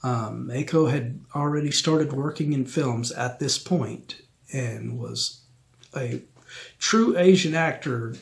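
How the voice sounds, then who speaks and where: Slow, gravelly man reviewing films. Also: mid-range voice. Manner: slow, rambling, with many ums. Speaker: film review host. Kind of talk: casual film review.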